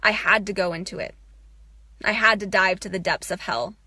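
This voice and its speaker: A woman's voice: mid-range voice, normal speed, sharp tone, slightly rough, no echo. A young woman giving a raw, emotional self-help monologue, intense and swearing, breaking into bursts of laughter. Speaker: spiritual speaker.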